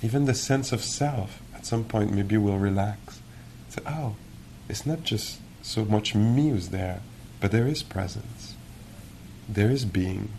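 A man giving a meditation teacher's dharma talk in a gentle, reflective, musing way, with many pauses. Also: lowish voice, creaky, a little hiss or hum. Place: retreat hall.

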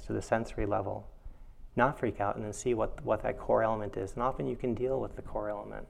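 A man's voice: on the low side, gravelly. A man giving a reflective dharma talk as a meditation teacher. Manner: reflective, animated when telling a funny story.

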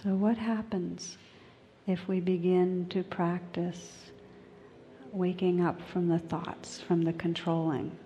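A woman meditation teacher gives a dharma talk in a low, mellow voice with a gravelly edge. She speaks slowly with a flat, even pitch and often sinks into a soft whisper. Her voice carries a long reverb from a large meditation hall. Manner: gentle and unhurried, often dropping to a whisper.

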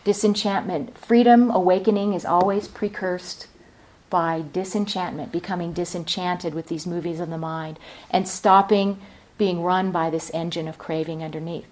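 A woman's voice: fairly low pitch, fairly even intonation, normal speed, a little mellow. A woman meditation teacher giving a dharma talk at a retreat center, reflective and telling a story. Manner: reflective, storytelling, many fillers.

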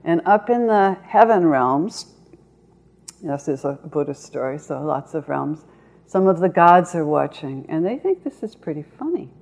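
A woman meditation teacher giving a dharma talk, speaking slowly and in a measured way, with long pauses. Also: low voice, very animated, vocal fry, darkish tone.

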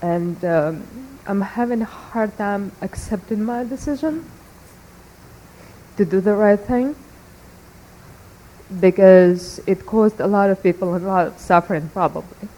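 Quiet, halting woman holding back tears. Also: medium pitch, a little hiss or hum, rough recording. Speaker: student.

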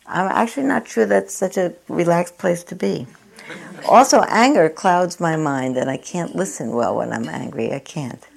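A woman's voice: sits low, gravelly, darkish tone. A woman meditation teacher giving a dharma talk at a meditation center, chatty and self-mocking, often laughing at herself.

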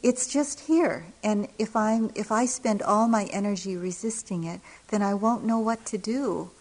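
A middle-aged woman, a meditation teacher, telling a personal story in a dharma talk with gentle pauses and soft laughs. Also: mid-range voice, low-quality recording. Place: retreat center hall.

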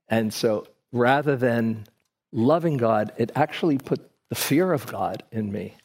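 A man with a husky, slightly breathy voice gives a dharma talk to a group. He talks slowly and reflectively, often restarting his sentences as he tells a personal story. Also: mid-range voice, a little mellow.

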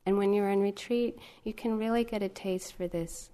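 A woman's voice: mid-range voice, steady tone, moderate pace, dark tone, smooth. A woman meditation teacher giving a dharma talk, telling a story with lots of amused laughter before moving into teaching. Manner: amused, laughs often while telling stories. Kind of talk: dharma talk with a personal anecdote. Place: retreat center meditation hall.

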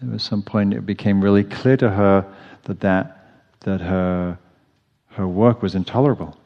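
A man giving a dharma talk as a meditation teacher in a meditation hall, speaking gently and reflectively, often restarting his phrases. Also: lowish voice, fairly even intonation, moderate pace. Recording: dull audio with long hall reverb.

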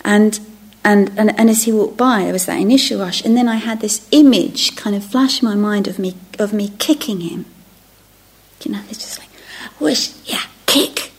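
Middle-aged woman, meditation teacher. Gentle, reflective dharma-talk delivery that often sinks to a whisper. Husky with some vocal fry. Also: mid-range voice, moderate pace. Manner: soft and reflective, often dropping to a near-whisper; self-interrupting, restarting phrases. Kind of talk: dharma talk to a retreat group.

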